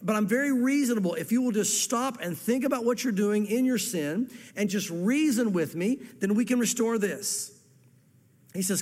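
Fervent male pastor, high-pitched preaching voice, recorded with a lingering echo in a hall. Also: lively intonation, moderate pace, a little mellow. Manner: fervent preacher, repeats words and quotes scripture with emphasis. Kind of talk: sermon. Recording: echoey hall reverb.

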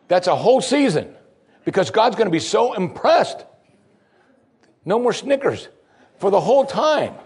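A man preaching a sermon, lively and humorous, who drops his voice low and soft when quoting pleas. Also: husky. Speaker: pastor.

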